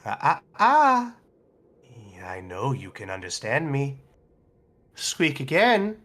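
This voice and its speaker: A man's voice: mid-range voice, huge pitch swings, slow pace, fairly bright tone, exaggerated voice. A man voicing a detached male Storm Giant who coolly experiments on a captive, in a tabletop game. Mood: condescending.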